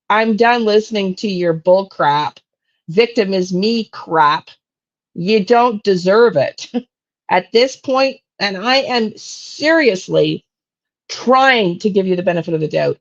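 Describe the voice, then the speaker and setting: The audio is dull, and her voice is fairly high in pitch. A woman hosting a true crime channel goes on a live-stream soapbox rant, angry, blunt, and heavy with profanity.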